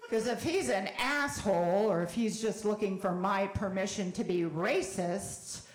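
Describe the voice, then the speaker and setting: A middle-aged woman doing a stand-up comedy set, animated, with sudden shouted bursts and wry asides. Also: medium pitch, a little slow, echoey room. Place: comedy club.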